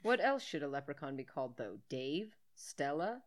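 Kobieta czytająca quiz, sypiąca przekleństwami. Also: female voice, deep voice, very animated, normal speed. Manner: playful, swears freely, laughs often. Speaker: podcast co-host. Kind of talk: casual chat, reading a quiz aloud.

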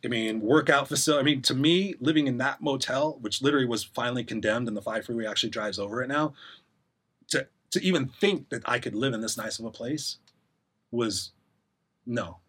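Husky fast-talking middle-aged man. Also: mid-range voice, fairly bright tone. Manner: rambling, acts out quoted voices. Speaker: guest. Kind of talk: casual storytelling interview.

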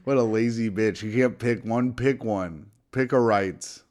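A young man co-hosting a casual comedy podcast, cracking crude, teasing deadpan jokes. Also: lowish voice, measured pace. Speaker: podcast co-host.

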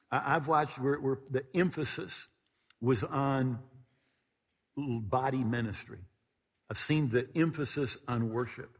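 A man's voice: medium pitch, a bit bright, husky, long reverb tail. An older man preaching a sermon as pastor, emphatic and repeating his key phrases.

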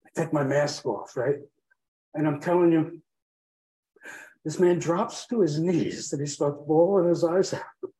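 A man's voice: on the high side, normal speed, pauses often, mellow, low-quality recording. A man telling his own emotional story in a rambling way, full of fillers and drifting off track.

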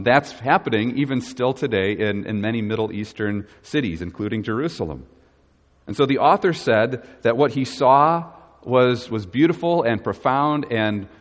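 Male pastor, mid pitch, earnest sermon delivery, long church reverb. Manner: earnest preaching with repeated questions to the congregation.

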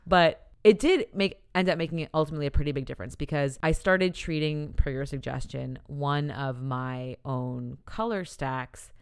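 Brief: female podcast co-host, very low and smooth voice, teasing humor, close dry sound. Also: fairly even intonation, moderate pace, hardly any pauses, dry recording. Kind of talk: casual chat about board games.

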